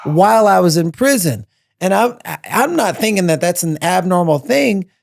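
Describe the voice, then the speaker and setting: A man telling a personal story as a podcast guest, animated and repeating phrases for emphasis. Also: sits high, normal speed, vocal fry, dry recording, clean studio sound. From United States.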